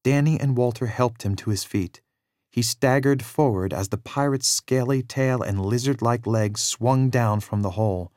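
A man narrating a children's storybook in a steady, measured read-aloud manner. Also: medium pitch, no room sound, studio quality.

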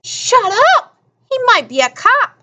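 A woman's voice: very high-pitched, big pitch swings, slow, a bit bright, voice pushed up, full character voice. A woman voicing a bossy, scrappy eight-year-old boy who growls and scolds.

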